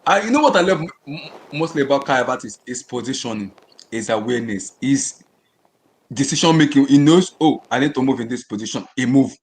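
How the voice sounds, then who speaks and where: A man co-hosting a football podcast, arguing his points passionately, repeating words and shouting in bursts. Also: mid-range voice, lively intonation, brisk. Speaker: podcast co-host. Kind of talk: heated casual football chat.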